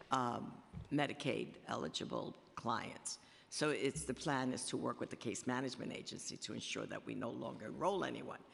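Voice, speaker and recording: Bronx guy testifying at a city hearing, gravelly, stops and restarts a lot, big echoey chamber. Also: mid-range voice, fairly bright tone. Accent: Bronx New York. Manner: halting, many restarts and fillers. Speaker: city agency official testifying. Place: large council chamber. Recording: long chamber reverb.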